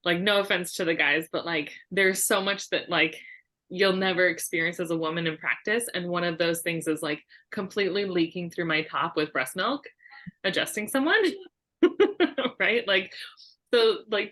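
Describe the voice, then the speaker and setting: A woman's voice: lowish voice, a bit bright. A woman chiropractor chatting with colleagues, telling embarrassing stories with self-mocking laughter. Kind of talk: casual storytelling among colleagues.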